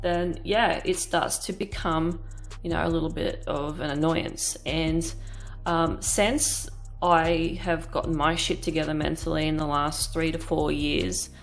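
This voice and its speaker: A woman's voice: sits low, steady tone, measured pace, creaky, faint music behind. A woman in her thirties chatting candidly while she paints, rambling and swearing casually. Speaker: art vlogger.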